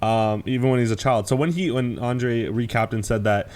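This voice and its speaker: A young man co-hosting a podcast who chats casually and gets excitable, restarting his sentences when worked up. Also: medium pitch, moderate pace. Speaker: podcast co-host. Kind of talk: casual chat.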